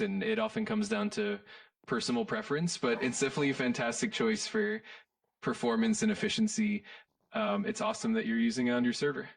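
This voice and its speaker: A man's voice: sits high, vocal fry, far from the mic. A synthetic male voice acting as an AI chat assistant, talking in an upbeat, agreeable and eager-to-help way. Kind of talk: conversational chat answers.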